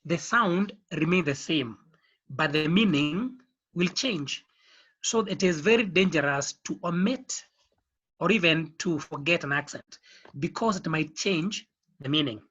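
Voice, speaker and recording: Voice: medium pitch, expressive, measured pace, a bit bright, breathy edge, muffled recording. A teacher leading an online beginners' French lesson, explaining patiently and repeating the key points. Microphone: video call.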